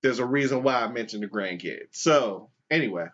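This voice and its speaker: A man's voice: medium pitch, fairly quick. Profane storytelling man on a dull recording. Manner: profane, animated retelling with quoted voices. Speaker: podcast co-host. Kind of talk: casual storytelling chat. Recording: dull lo-fi sound.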